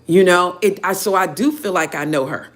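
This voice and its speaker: A woman tarot reader casually telling viewers a story in an animated, chatty way, full of "you know" fillers. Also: lowish voice, normal speed. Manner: animated, chatty, heated when retelling.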